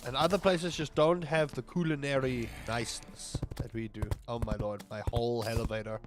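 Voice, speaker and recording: A man's voice: medium pitch, steady tone, normal speed, over music. A young South African man with a South African accent, chatting casually and rambling on a gaming livestream, now and then exclaiming at mishaps.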